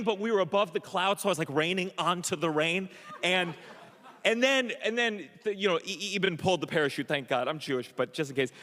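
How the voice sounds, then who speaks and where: Stand-up comedian, man with a higher voice, nervy self-mocking storytelling, stage reverb. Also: slow, long pauses, some chatter behind. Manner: excitable, self-mocking, stammered restarts.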